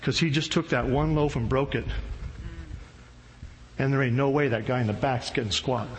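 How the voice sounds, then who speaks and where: A man's voice: mid-range voice, fairly even intonation, normal speed. A male pastor preaching a sermon in a casual, slangy, humorous storytelling way. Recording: long hall reverb, faint noise.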